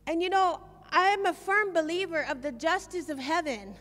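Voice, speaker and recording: A woman's voice: very high-pitched, normal speed, a bit bright. A woman preacher giving a fervent, repetitive sermon testimony at a church service. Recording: long hall reverb.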